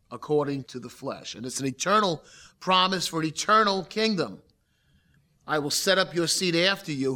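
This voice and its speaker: A man's voice: a little high, pushed and bright. A man preaching a sermon, reading scripture aloud and explaining it verse by verse. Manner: expository Bible teaching, reads scripture aloud then explains. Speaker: pastor.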